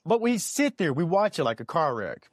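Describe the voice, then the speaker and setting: Lively high-voiced man podcast co-host. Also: moderate pace, dry recording. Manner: expressive, repeats words, talks in bursts. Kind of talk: casual chat.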